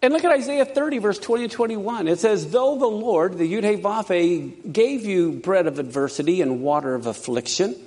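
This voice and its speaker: Gravelly high-pitched male preacher. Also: normal speed, hardly any pauses. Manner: emphatic, reads scripture aloud with rising excitement. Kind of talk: sermon.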